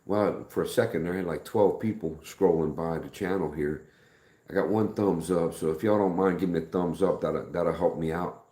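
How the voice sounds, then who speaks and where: A middle-aged man hosting a casual live stream, rambling in a folksy way, greeting viewers by name and speaking softer than usual. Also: low-pitched, echoey room.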